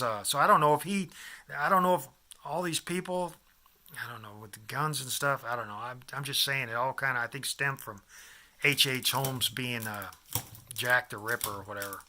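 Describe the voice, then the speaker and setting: A man's voice: medium pitch, moderate pace, bright, forceful tone, slight background noise. A man in his fifties from the American Midwest, telling a rambling personal story to camera with many restarts and asides. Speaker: vlogger.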